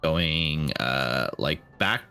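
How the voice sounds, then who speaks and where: A man's voice: a bass voice, animated, very slow, pushed and bright, clean tone, faint music behind. A man acting as game master, patiently explaining rules and double-checking the players' choices. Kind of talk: running a tabletop game online.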